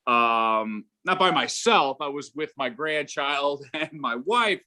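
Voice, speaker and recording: This is a middle-aged man performing stand-up. His voice is bright and forceful, with a middle-of-the-road pitch. He wanders through his stories in a halting way, with frequent fillers and restarts. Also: expressive. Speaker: stand-up comedian. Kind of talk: stand-up comedy set.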